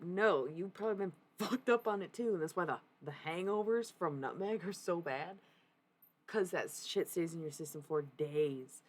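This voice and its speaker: A woman's voice: sits low, slightly rough. A woman livestreamer in casual chat with her viewers, candid and rambling, swearing freely.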